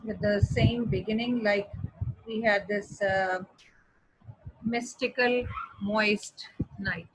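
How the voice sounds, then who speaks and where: A woman teaching an English grammar lesson, explaining patiently and repeating examples slowly. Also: mid-range voice, a bit bright, breathy edge, low-quality recording. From Pakistan. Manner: explaining patiently with repetition, slowing to spell out words. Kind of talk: classroom lesson.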